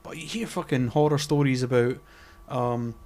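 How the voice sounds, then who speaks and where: A man in a loose podcast conversation, circling his point through ums, false starts and the odd swear word. His voice sits at an ordinary middle pitch for a man. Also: moderate pace, darkish tone. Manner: rambling, many fillers and restarts, swears casually. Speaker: podcast co-host. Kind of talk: casual chat.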